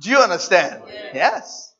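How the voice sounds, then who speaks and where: A preacher delivering a sermon in a slow, husky voice that rises and falls in pitch. They repeat and stretch key words, move from near-whispers to shouts, and keep asking the congregation whether they understand. The recording sounds dull and lo-fi. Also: very animated. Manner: asks the congregation questions.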